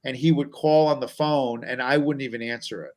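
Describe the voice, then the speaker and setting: Guy comic rambling nervous stories about himself, self-deprecating, average pitch. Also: fairly even intonation, brisk. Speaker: comedian guest. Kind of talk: casual comic storytelling.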